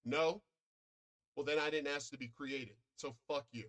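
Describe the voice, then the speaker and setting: A man's voice: medium pitch, fairly even intonation, unhurried, a bit bright. An American man in a profane, combative and boastful ranting monologue, commenting online. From United States.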